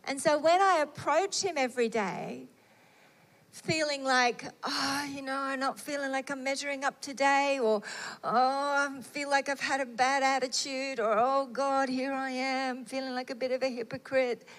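A woman's voice: sits high, steady tone, normal speed, fairly bright tone. A middle-aged woman preaching a sermon, telling personal stories with earnest, acted-out inner dialogue.

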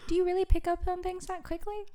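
A woman's voice: very high-pitched, level tone, quick pace, dark tone. A young woman from Las Vegas co-hosting a podcast, musing and asking questions in casual chat, with lots of "like". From Las Vegas, Nevada, USA. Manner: quizzical, musing, heavy on "like". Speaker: podcast co-host.

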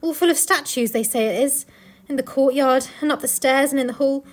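A woman reading aloud as a gloomy, solemn male beaver in a storybook, telling a grim tale gravely. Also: high voice, brisk, natural voice.

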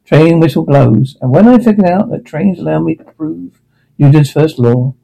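A man voicing a grown-up genius who narrates his childhood in a wry, deadpan way. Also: a little high, normal speed, vocal fry, low-quality recording. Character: grown-up genius man looking back, dry and self-assured.

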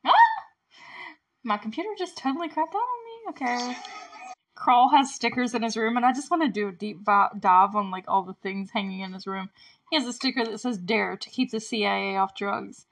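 A woman's voice: a little high, a little fast, vocal fry, a bit bright. A young woman casually recapping a movie as host, chatty and giggly, with many fillers.

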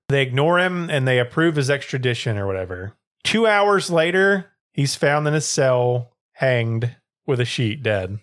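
A man's voice: mid-range voice, lively intonation, moderate pace, fairly bright tone. Rambling, laid-back male storyteller. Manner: rambling storytelling, full of "like" and "or whatever". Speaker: podcast co-host, storyteller. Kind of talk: casual chat.

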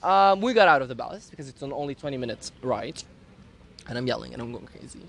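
A man's voice: medium pitch, fast talker, gravelly. A man telling a dramatic personal story in casual chat, campy and profane, acting out quotes. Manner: animated, dramatic storytelling with laughs and acted quotes.

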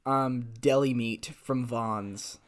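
A man's voice: mid-range voice, fairly even intonation, slow pace. A man co-hosting a casual comedy podcast, rambling with many fillers. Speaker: podcast co-host.

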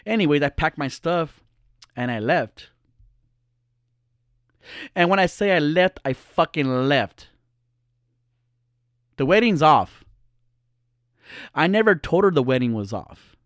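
A man's voice: fairly high pitch, expressive, slow pace, long pauses, a bit bright, dry recording, clean studio sound. A middle-aged man telling a personal story casually, blunt and profane, acting out the voices.

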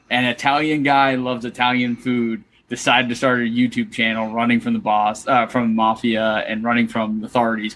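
A young man co-hosting a casual podcast and telling a story in a relaxed, chatty way. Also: mid-range voice. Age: young adult. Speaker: podcast co-host.

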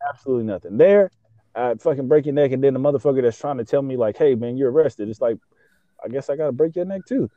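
Rambling, excitable young man with a dull lo-fi sound. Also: medium pitch, fast talker, no room sound. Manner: excitable, slangy, profane, constant fillers. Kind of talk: casual chat.

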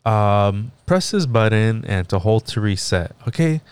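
A man's voice: on the low side, animated, a little slow, darkish tone, smooth. A man voicing a polite male call-center tech support agent who talks a caller through each step patiently. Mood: instructing. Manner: courteous, patient, step-by-step instructions.

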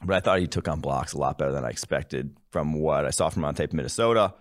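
A man's voice: very deep voice, fast talker, no room sound. A man co-hosting a podcast, chatting casually about football with dry wisecracks. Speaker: podcast co-host.

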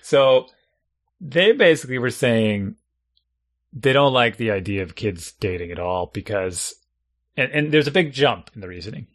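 Middle-aged guy chatting on a podcast, gets animated, laughs a lot, restarts his sentences. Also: mid-range voice. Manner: animated storyteller, laughs often, many restarts. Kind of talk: casual chat.

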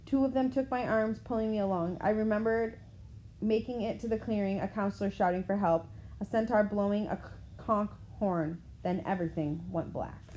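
A woman reading a first-person novel aloud in a steady, plain storytelling manner. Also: medium pitch, moderate pace, a little hiss or hum, low-quality recording. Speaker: audiobook narrator.

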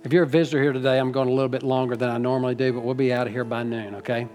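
A man's voice: medium pitch, fairly even intonation, racing, darkish tone, soft background music. A middle-aged man preaching a sermon to his church, folksy and rambling, teasing the congregation and getting emotional. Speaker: pastor. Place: church sanctuary.

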